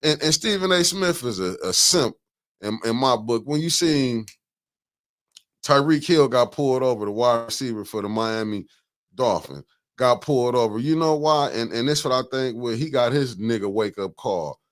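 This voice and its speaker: A man hosting a casual political talk show, talking in an animated, emphatic way, repeating words and cutting in. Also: medium pitch, normal speed. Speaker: host.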